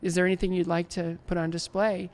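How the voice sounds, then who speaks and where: A man's voice: high-pitched, little pitch movement, fast talker, darkish tone. A man in his sixties, a former Olympic skater being interviewed, telling stories animatedly, laughing often and acting out dialogue. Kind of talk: casual interview storytelling.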